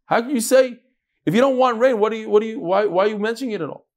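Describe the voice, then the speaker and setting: A man teaching a daily Talmud class, asking questions aloud and mixing untranslated Aramaic and Hebrew terms into his English. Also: quick pace. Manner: animated, leaps between loud questions and low asides.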